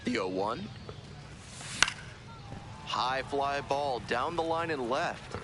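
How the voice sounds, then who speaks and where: A man calling baseball play-by-play in a smooth, polished broadcast manner. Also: medium pitch, lively intonation, slow. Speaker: play-by-play announcer. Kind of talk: baseball commentary. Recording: game audio under loud ballpark noise.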